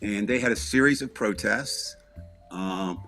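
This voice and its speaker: A man's voice: lowish voice, a little slow, sharp tone, faint music behind. A man chatting casually as a podcast co-host, telling a long story in a rambling way with restarts, asides and small chuckles.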